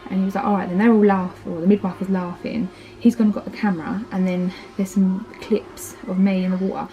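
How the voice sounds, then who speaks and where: A woman's voice: mid-range voice, flat delivery, fast talker, warm tone, highs cut off. A woman in her thirties with an Essex accent, chatting casually through her birth story with plenty of "like" and "um". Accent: Essex English. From Essex, England. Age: 30s. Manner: chatty, lots of "like" and "um", acts out quoted lines. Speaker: parenting vlogger.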